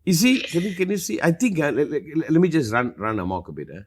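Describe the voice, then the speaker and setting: A man's voice: fast talker, slightly rough. A middle-aged man speaking as a spiritual teacher in a live question-and-answer talk, emphatic and passionate. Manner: emphatic, passionate, lively swings in pitch and loudness.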